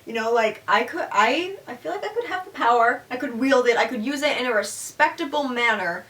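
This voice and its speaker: A woman's voice: on the high side, animated, a little fast, a bit bright. A young woman co-hosting a podcast, chatting frankly and giggling, with lots of "like". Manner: frank, giggly, says "like" a lot. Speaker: podcast co-host. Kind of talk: casual chat. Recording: distant from the mic.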